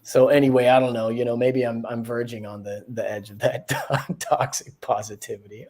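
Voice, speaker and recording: A man's voice: mid-range voice, little pitch movement, a little fast, hardly any pauses, a little mellow, a little hiss or hum. A man co-hosting a podcast in casual chat, rambling and reflective, laughing often. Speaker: podcast co-host.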